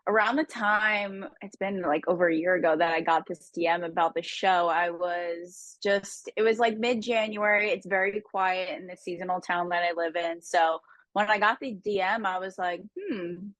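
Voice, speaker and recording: A woman's voice: on the low side, fairly even intonation, moderate pace, fairly bright tone, no echo. A young woman from New Jersey, a guest chatting candidly in an interview, laughing often and filling her speech with "like". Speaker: guest, dating show contestant. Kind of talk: casual interview chat.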